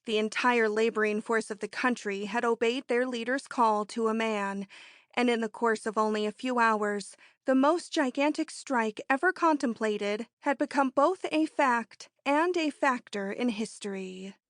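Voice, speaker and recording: A woman narrating an audiobook in a measured, even storytelling manner. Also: a little high, no echo, studio quality. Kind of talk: scripted narration.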